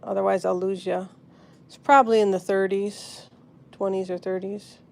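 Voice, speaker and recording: A woman hosting a live stream from her phone, talking softly and sadly to viewers in the chat. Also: medium pitch, flat delivery, moderate pace, vocal fry, a little hiss or hum. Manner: soft, grieving, answering chat comments. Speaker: pet channel host.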